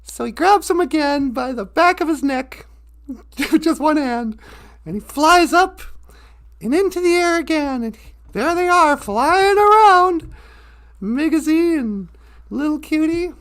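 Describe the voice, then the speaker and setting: A woman's voice: high-pitched, expressive, a little slow. A woman telling a story casually on a live stream, often laughing as she goes.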